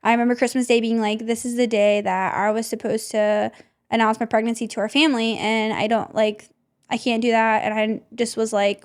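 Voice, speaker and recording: A woman's voice: on the high side, level tone, a little fast. A young woman, a podcast host, telling a personal story with emotion and many "like" fillers. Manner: emotional, heavy use of "like" fillers.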